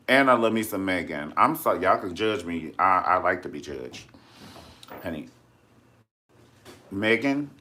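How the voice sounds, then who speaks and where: Here the celebrity-news vlogger's low voice sounds pushed and bright, with a little background noise. He chats to camera in a sassy, dramatic way and keeps calling viewers honey.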